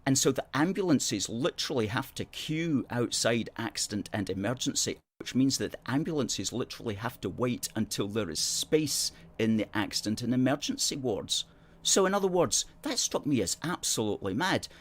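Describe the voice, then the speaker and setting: A man with a Scottish accent hosting a political talk show, speaking in a casual, emphatic way and sounding indignant. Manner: indignant, emphatic, stresses words with rising pitch.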